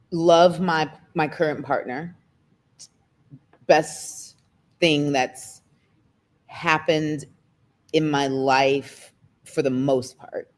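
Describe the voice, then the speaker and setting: A woman, a guest talking candidly in an interview, emotional and close to tears, her pace speeding up and slowing down. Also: sits low. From United States. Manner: emotional, expressive, quick shifts in pace. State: near tears.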